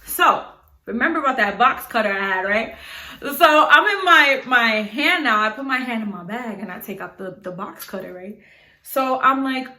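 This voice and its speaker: A young woman from New York tells a vlog story in a bright, slightly high voice. She talks casually, peppers her speech with "like," and acts out what she said. The room around her sounds echoey. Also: normal speed. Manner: animated, acts out her own quotes, frequent "like". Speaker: storyteller vlogger.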